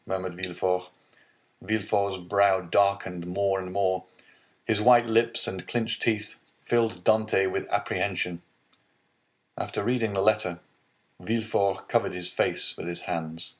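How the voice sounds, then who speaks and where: A man narrating a classic novel as a calm bedtime audiobook, reading slowly and evenly. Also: low-pitched. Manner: slow, even, soothing reading. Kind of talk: calm scripted narration for sleep.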